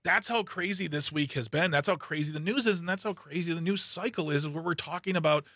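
A man filling in as a talk radio host, chatting casually and rambling with quick asides. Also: a little high, pushed and bright, no echo, clean studio sound.

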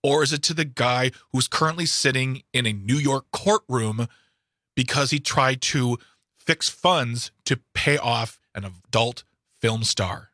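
A man co-hosting a radio talk show, animated and sarcastic, often stumbling and restarting his sentences. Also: medium pitch, measured pace, dry recording, clean studio sound. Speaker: radio co-host.

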